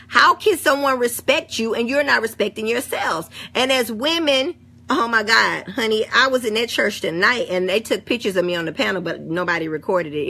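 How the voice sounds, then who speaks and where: A woman's voice: on the high side, fairly bright tone, husky. A middle-aged woman with an African American St. Louis accent, talking bluntly and swearing freely in a casual chat. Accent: African American English, St. Louis. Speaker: vlogger. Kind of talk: casual talk to camera.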